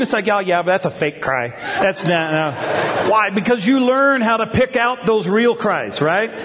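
A middle-aged male pastor giving a conversational sermon, often repeating words and asking the crowd "right?". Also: sits high. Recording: long hall reverb.

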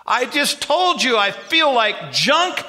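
A man doing a shrill wailing prophet. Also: sing-song, slow, sharp tone, exaggerated voice. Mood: whining. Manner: high-pitched complaining wail. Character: despairing male prophet, whining self-pitying.

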